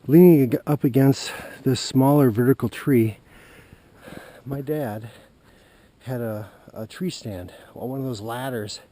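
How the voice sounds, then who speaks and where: A man's voice: mid-range voice, warm tone, poor audio. Folksy man rambling on a forest trail. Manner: halting, folksy, with many fillers and restarts. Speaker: hunter telling a story on camera. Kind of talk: rambling walk-and-talk vlog. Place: outdoors on a forest trail at dusk. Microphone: handheld camera while walking.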